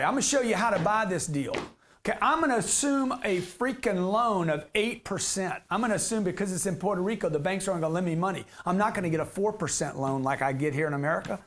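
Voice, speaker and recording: A man's voice: sits high, fairly bright tone, slight background noise. A man giving a live real estate seminar to an audience, brash and slangy, cracking jokes as he teaches.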